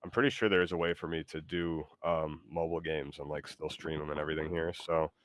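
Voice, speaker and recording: Deep-voiced excitable streamer man. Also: brisk. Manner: excitable, rambling, loud bursts. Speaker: streamer host. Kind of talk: casual livestream chat.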